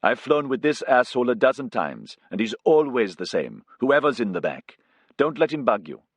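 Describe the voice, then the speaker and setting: A man voicing a friendly, good-humoured male Afghan co-pilot who jokes gently. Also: mid-range voice, sing-song, moderate pace, dry recording, voice pushed up. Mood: amused. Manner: gentle, grinning, easygoing.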